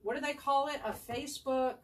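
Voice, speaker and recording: The chalk craft demonstrator, a woman at her home craft table with her dog at her feet, speaks a little fast in a high-pitched voice with fairly even intonation. During the live tutorial she chats with viewers, reasons aloud and replies to them by name.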